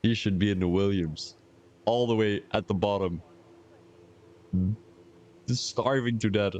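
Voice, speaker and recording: A man's voice: fairly low pitch, measured pace, a little mellow, dull audio. A man commentating a sim racing league on a live stream, chatty and joking with rambling asides.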